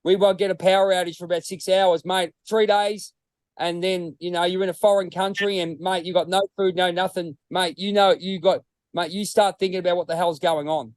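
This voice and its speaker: A man's voice: high voice, steady tone, a little fast, dry recording. An Australian man co-hosting a casual podcast, rambling and tossing "mate" into nearly every line, swearing freely. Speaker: podcast co-host.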